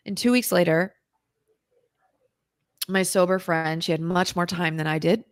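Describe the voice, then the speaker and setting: A woman, a guest on an interview show, telling an intense personal story in a vivid, dramatic way, at times dropping to a hushed whisper. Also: fairly low pitch, steady tone, moderate pace, long pauses, dry recording, clean studio sound. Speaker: interview guest, recovery author.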